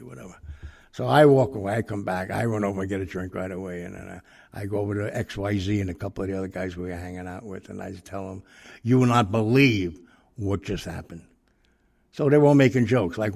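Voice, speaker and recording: A man's voice: fairly low pitch, moderate pace, vocal fry, long pauses, darkish tone. An older man tells a rambling, profane anecdote, full of fillers and restarts. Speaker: storyteller. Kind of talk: casual anecdote.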